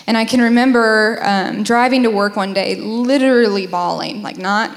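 A woman's voice: medium pitch, moderate pace, long reverb tail. A young woman sharing her side of a faith testimony, candid and humorous, telling it like a story. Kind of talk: personal testimony talk.

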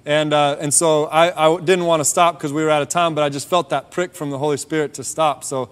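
Male preacher, fairly high voice, relaxed story-driven testimony, long reverb tail from a hall. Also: brisk, clear, resonant tone. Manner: relaxed storytelling, drops softer on key points. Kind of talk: conversational sermon testimony.

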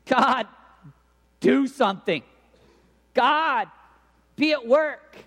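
Man preaching in a reverberant hall. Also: extremely high pitch. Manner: swings from hushed near-whispers to loud shouted cries. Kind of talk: sermon.

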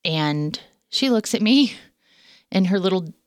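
A woman's voice: on the low side, lively intonation, unhurried, no echo. Middle-aged female co-host, chatty and laughing, dry close sound. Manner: chatty storyteller, laughs often. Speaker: podcast co-host. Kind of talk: casual faith chat.

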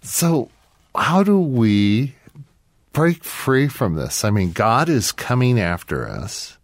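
A man co-hosting a Christian podcast, speaking calmly and reflectively with frequent quiet affirmations. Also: medium pitch, slow pace, no room sound, clean studio sound. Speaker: podcast co-host.

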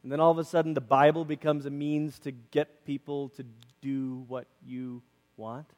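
A man preaching a conversational sermon as a pastor, lively and acting out quoted voices, in a church. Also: mid-range voice, moderate pace, long reverb tail. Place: church sanctuary.

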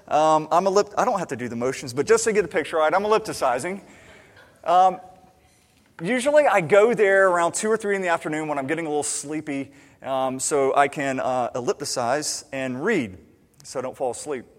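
Brief: high-pitched male pastor, chatty sermon delivery with restarts, long reverb from a church hall. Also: animated, brisk. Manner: conversational with many restarts and self-corrections.

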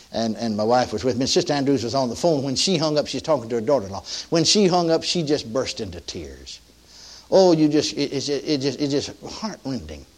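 An older man preaching a sermon, telling a story in a folksy way, with many restarts and emphatic peaks. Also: medium pitch.

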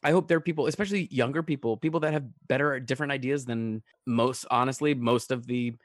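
A man's voice: mid-range voice, quick pace, no echo, studio quality. A man chatting as a podcast guest, rambling and self-deprecating, with lots of restarts. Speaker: podcast guest, musical theatre actor. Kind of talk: casual podcast chat.

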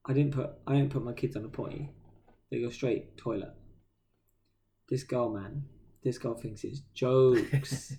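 A man's voice: mid-range voice, steady tone, unhurried, pauses often, warm tone. A man, chatting casually on a podcast, tired and telling stories with slang and acted-out quotes. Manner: laid-back storyteller, slangy, acts out quotes. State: tired, yawning. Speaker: podcast co-host. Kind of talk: casual chat.

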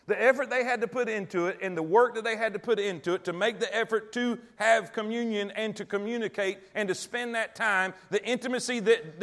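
A man preaches in an unusually high voice. He tells homespun stories, repeats his phrases for emphasis and speaks straight to his congregation. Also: a bit bright. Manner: storytelling, talks directly to the congregation. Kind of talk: sermon.

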